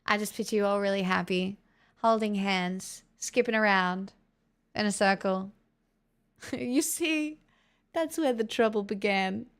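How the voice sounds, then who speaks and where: A woman's voice: medium pitch, moderate pace, smooth. A young woman livestreaming and chatting casually with her viewers in a playful, giggly, teasing way.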